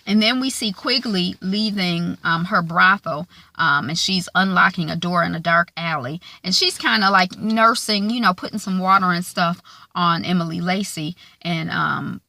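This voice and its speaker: A woman's voice: fairly low pitch, measured pace, pushed and bright, dry recording. A woman casually recapping a TV episode, chatty, with lots of filler words, acting out the quotes. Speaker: recap vlogger.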